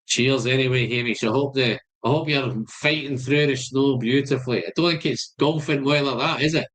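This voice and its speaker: A man's voice: medium pitch, normal speed, fairly bright tone. A Scottish man hosting a live stream, chatting casually and greeting viewers by name. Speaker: whisky channel host.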